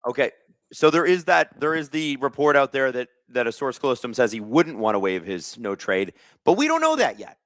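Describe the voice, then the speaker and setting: A man's voice: medium pitch, very animated, fairly quick, fairly bright tone, no echo, studio quality. A man in his thirties hosting a live hockey watch stream, telling stories in a rambling way with lots of fillers and restarts. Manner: talks while snacking. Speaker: stream host. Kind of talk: casual live-stream chat.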